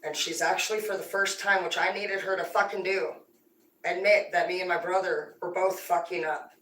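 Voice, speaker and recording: A woman's voice: on the low side, fairly even intonation, normal speed, fairly bright tone. Profane ranting woman, far off in a roomy space. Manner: profane, confrontational, rambling. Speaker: livestreamer. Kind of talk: live-stream rant to viewers. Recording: roomy sound, distant from mic.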